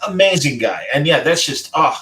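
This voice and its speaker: A podcast host leads a casual group chat, warmly recalling a story with the delivery of a former radio broadcaster. His voice is a little high with lively intonation and a moderate pace. The audio is poor, with some hiss or hum.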